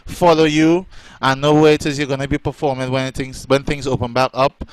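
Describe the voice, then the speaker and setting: A man's voice: medium pitch, little pitch movement, fairly quick, clean tone, dry recording. Effusive man hosting a show. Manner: effusive, laughing, chatty. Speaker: host.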